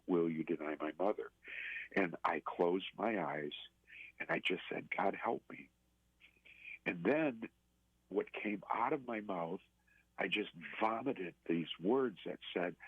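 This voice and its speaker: A man telling a personal story as a radio interview guest, earnest and halting, with many restarts. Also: deep voice, slightly rough, dry recording. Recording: tinny phone line.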